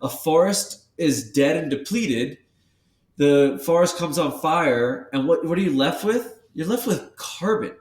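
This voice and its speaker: A man co-hosting a podcast, telling a story in a rambling, animated way with many restarts, hyped up. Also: on the high side, a little slow, distant mic. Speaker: podcast co-host. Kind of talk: casual podcast chat. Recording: echoey room, away from the mic.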